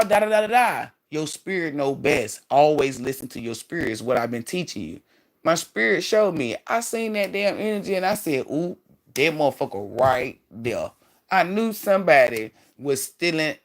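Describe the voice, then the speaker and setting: A man's voice: a little high, bright, forceful tone. A man hosting a spiritual livestream, preaching in a profane, rambling way. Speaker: livestream host.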